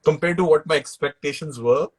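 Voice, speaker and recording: A man's voice: a little high, a little fast, a little mellow. A man with an Indian English accent, a guest actor and author on a video call, telling funny stories with laughs and bits of Hindi. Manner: laughs while telling anecdotes, mixes in Hindi phrases. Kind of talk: relaxed storytelling in an interview.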